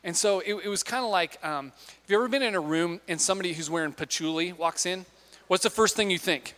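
A man's voice: high voice, fast talker, a bit bright. A man preaching a sermon in a conversational, storytelling way, putting questions to the audience. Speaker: pastor. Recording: long hall reverb.

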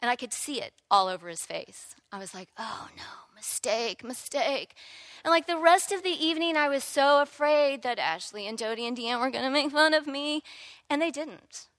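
Bright, candid woman telling her testimony. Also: high-pitched, fairly quick, dry recording. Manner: animated, candid storyteller. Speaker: church member sharing a testimony. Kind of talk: personal testimony storytelling.

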